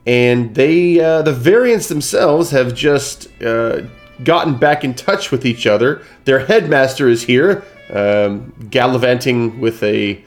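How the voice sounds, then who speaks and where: A man's voice: medium pitch, slow, faint music behind. A man hosting a live-streamed tabletop game as game master, chatty and rambling with lots of fillers over a video call.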